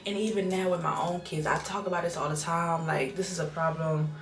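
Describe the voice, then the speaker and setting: A woman in her thirties, a mother and vlogger, speaks to camera in a lowish, level, brisk voice within an echoey room. Her casual, reflective talk is earnest, and she thinks aloud with restarts and repeated phrases.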